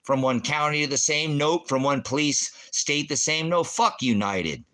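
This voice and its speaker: Forceful, profane middle-aged man ranting. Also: fairly high pitch, moderate pace. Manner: profane, combative, shouting insults at chat; veteran. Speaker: livestream ministry host. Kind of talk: angry livestream rant.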